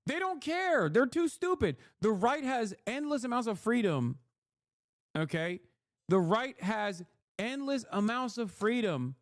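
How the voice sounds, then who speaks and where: A man's voice: high voice, no room sound, studio quality. A man giving a profane, exasperated live-stream rant, mocking and talking straight to his chat. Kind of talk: ranting live-stream commentary.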